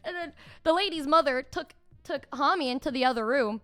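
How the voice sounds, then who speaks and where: A woman's voice: high voice, a little fast, bright, forceful tone. A woman streamer telling a story casually and animatedly, swearing and laughing often.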